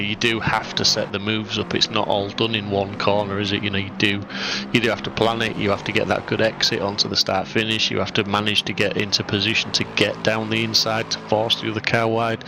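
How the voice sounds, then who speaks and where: A man co-commentating a sim race and calmly explaining racing tactics. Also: lowish voice, creaky, noisy background.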